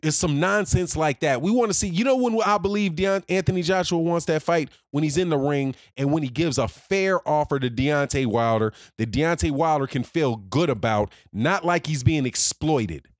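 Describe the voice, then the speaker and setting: A man rants hard on his own channel, using a slightly high voice and a lot of slang. He circles back and repeats his points for emphasis. The sound is dry and close, with no room around it. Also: animated, normal speed, hardly any pauses, no echo. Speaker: boxing commentator. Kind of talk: ranting opinion vlog.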